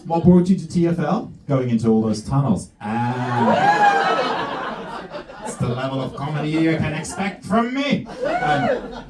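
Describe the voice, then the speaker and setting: A man's voice: fairly high pitch, wildly swooping pitch, measured pace, heavy background noise. A young man from Switzerland with a Swiss German accent, doing a teasing, self-mocking stand-up set and talking to the crowd. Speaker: stand-up comedian. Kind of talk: stand-up routine. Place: comedy club stage with a laughing audience. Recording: roomy club sound, distant mic, crowd laughter.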